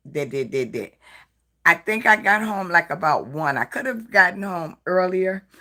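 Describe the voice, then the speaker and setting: A woman's voice: lowish voice, lively intonation, moderate pace, pushed and bright. A tired woman hosting a live stream, chatting casually and rambling through a story while greeting viewers by name. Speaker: live-stream host of a jewelry design channel.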